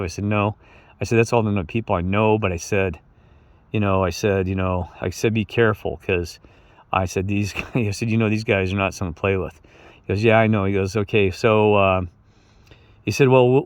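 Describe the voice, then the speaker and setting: A middle-aged man tells a long story in a low voice, wandering between asides and quoting the people he talked to. He chuckles as he goes and talks straight to his viewers. The sound is dry and close, with no room around it. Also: no room sound. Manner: rambling, chuckling, quotes others with "he goes". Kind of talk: casual anecdote told to viewers.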